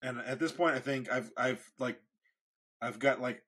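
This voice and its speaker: Husky bright-voiced man telling a story. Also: medium pitch, moderate pace. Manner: animated storyteller, acts out quotes. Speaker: podcast host. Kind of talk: casual storytelling chat.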